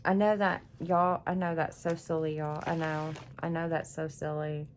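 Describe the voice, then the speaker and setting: A woman's voice: deep voice, little pitch movement, moderate pace, a little hiss or hum. A woman chatting in her home craft room, gushing and emotional as she unboxes craft supplies for viewers. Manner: gushing, emotional, chatty, says y'all a lot. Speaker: craft YouTuber. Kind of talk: casual craft unboxing vlog.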